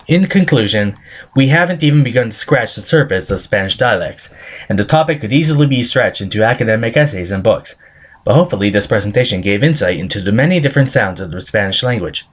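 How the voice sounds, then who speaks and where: Man, lowish voice, animated intonation, scripted classroom presentation. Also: fast talker. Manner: reads a prepared script with careful pronunciation examples. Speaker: student presenter.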